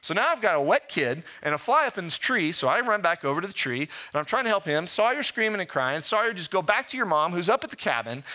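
A man in his thirties, a pastor preaching a sermon, who asks rhetorical questions and tells stories in a lively way. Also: high-pitched.

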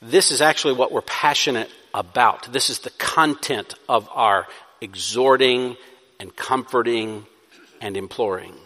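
A man preaching a sermon as pastor, moving between soft, pleading passages and loud, urgent exhortation. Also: mid-range voice, unhurried, long reverb tail.

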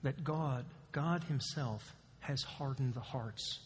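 A male pastor preaching a sermon, animated, with emphatic questions to the congregation. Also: medium pitch, slow, a little hiss or hum. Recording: long hall reverb.

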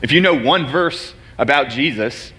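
A man's voice: medium pitch, animated, moderate pace, fairly bright tone. A man giving a sermon as a guest preacher, earnest and personal, speaking openly about his own struggles. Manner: earnest, personal, emotional at times.

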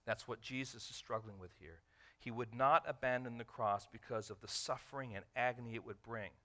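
A man preaching a sermon as a pastor, repeating key lines, asking the listeners questions, and swinging between loud emphasis and quiet, drawn-out phrases. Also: mid-range voice.

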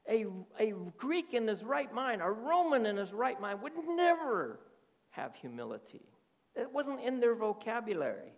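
A man's voice: high voice, creaky. A middle-aged man preaching a sermon as pastor, often checking in with his listeners through rhetorical questions. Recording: reverberant hall.

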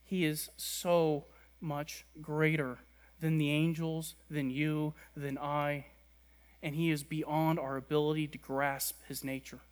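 A man preaching a sermon, stressing words by repeating them and letting key lines fall quiet and low. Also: little pitch movement, slow pace. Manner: emphatic, repeats words for stress, drops soft at ends. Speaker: pastor.

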